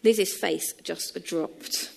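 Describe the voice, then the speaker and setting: A woman preaching a sermon and telling a story in a measured, storytelling manner. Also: lowish voice, gravelly, darkish tone.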